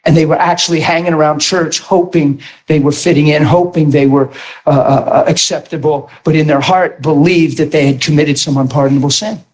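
A man preaching a sermon and telling his testimony in an animated storytelling manner, bursting into shouts at times. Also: fairly high pitch, brisk.

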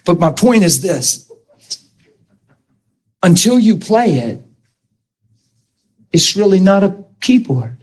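A man's voice: high-pitched, very animated, slow pace, long pauses, a little mellow, breathy edge. A man preaching to a class in a sermon-style talk, emphatic and often asking the listeners if they follow him. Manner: emphatic, with rhetorical questions to the listeners.

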